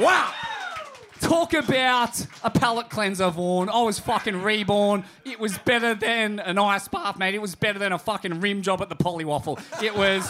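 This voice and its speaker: A crude Australian man co-hosting a live comedy podcast from a pub stage. His voice sits very high and bright. He rants through profane stories and shouts the punchlines. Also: a little hiss or hum.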